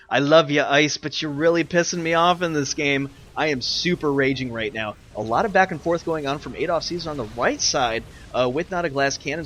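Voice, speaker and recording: A young man with a slightly raised voice casts a live strategy game, ranting and fed up with the players. He jumps from loud yelling to low, muttered asides. A faint hiss sits under the recording. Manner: ranting, exasperated, swings between loud outbursts and muttered asides. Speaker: game caster and streamer.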